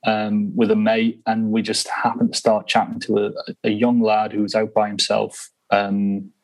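A man with a fairly low voice co-hosts a casual football podcast. He talks through his memories in a relaxed way and laughs often as he tells them. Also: normal speed, low-quality recording. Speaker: podcast co-host. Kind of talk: casual chat.

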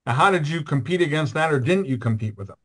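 A man's voice: on the high side, animated, quick pace, a bit bright. A man hosting a casual interview, asking questions with lots of hesitations and fillers. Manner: hesitant, filler-heavy, admiring. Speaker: host.

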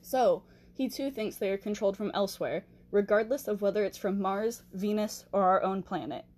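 A woman's voice: mid-range voice, moderate pace, a little mellow. A woman hosting a podcast, narrating history in a casual way, with chatty asides and self-corrections, speaking into a handheld mic. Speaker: podcast host. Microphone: handheld mic she has to hold still.

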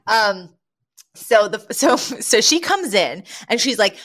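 A woman's voice: medium pitch, measured pace. A woman co-hosting a podcast, casually recapping a sitcom episode with lots of laughter and acted-out lines. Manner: animated, laughs often, acts out lines from scenes. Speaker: podcast co-host.

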